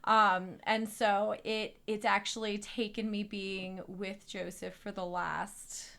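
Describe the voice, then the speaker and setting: A woman's voice: medium pitch, flat delivery, slow pace, gravelly, fairly bright tone. A woman from New Mexico in a casual podcast chat, talking earnestly and laughing often.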